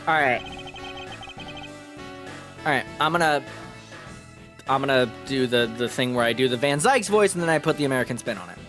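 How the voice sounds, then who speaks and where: A male streamer chatting casually through a video game, profane and self-mocking. His pitch swings lively up and down as he talks. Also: brisk, long pauses, soft background music. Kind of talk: casual gameplay commentary.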